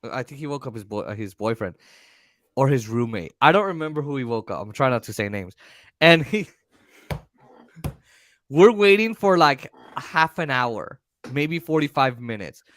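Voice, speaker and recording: A man co-hosting a podcast, telling stories in a casual, profane, animated way. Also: medium pitch, normal speed, long pauses. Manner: animated, profane, acts out voices. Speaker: podcast co-host. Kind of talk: casual storytelling chat.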